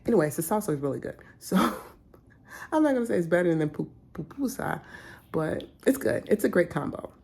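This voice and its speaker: Casual woman vlogger: low, gravelly, mellow voice, chatty, drifting into whispers. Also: big pitch swings, brisk, slight background noise. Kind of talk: casual vlog chat.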